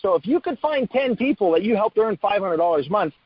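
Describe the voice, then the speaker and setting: A man giving an energetic motivational training talk on a call, full of rhetorical questions and repeated phrases. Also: high-pitched, fast talker, breathy edge, dry recording. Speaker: network marketing trainer hosting a call. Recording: dull muffled call audio, dry.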